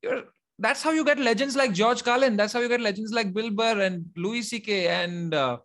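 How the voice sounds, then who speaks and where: High-voiced animated young Indian man. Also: moderate pace. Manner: animated, swears casually, laughs often. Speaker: host. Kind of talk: casual chat.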